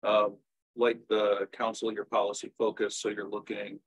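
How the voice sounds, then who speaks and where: A city staff man briefing a commission in a meeting, steady with frequent "uh" fillers. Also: lowish voice, normal speed, slightly rough, poor audio.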